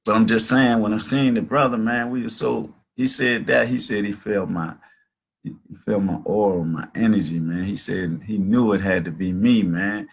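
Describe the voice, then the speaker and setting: A man's voice: lowish voice, fairly even intonation, normal speed, vocal fry, breathy edge. A man around sixty hosting a talk show, telling stories in a loose, earnest monologue full of "man" and "you know". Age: about 60. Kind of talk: casual spoken monologue.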